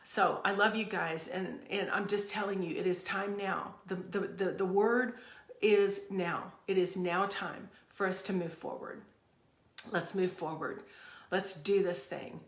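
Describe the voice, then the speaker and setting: A woman hosting her own podcast, delivering a fervent, emphatic motivational rant full of repeated phrases. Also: lowish voice. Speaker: podcast host. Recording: echoey room.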